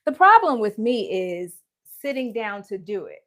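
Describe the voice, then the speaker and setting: A woman's voice: a little high, big pitch swings, normal speed, hardly any pauses, a bit bright. A woman hosting a casual embroidery livestream from home, chatty and joking, laughing often and greeting viewers by name. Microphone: live-streaming setup.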